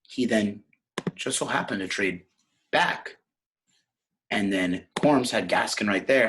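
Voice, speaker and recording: Husky low-voiced brash podcast host. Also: male voice, fairly bright tone. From New York. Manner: brash, profane, rambling. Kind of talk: casual podcast rant.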